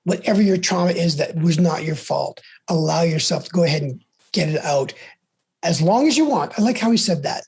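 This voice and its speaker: A middle-aged man shares his own story as a guest on a podcast. His voice is very husky and breathy. He speaks with emphasis and keeps repeating and restarting his phrases. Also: a little high, lively intonation, a little fast, darkish tone. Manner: emphatic, with frequent restarts and repetitions. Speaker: podcast guest, abuse-survivor advocate. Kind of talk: candid conversational storytelling.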